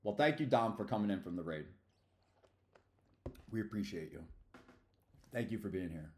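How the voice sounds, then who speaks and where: Low-voiced rambling male streamer. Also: expressive, normal speed, a little mellow. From Philadelphia. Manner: rambling and slangy, loose asides. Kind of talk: casual livestream chat.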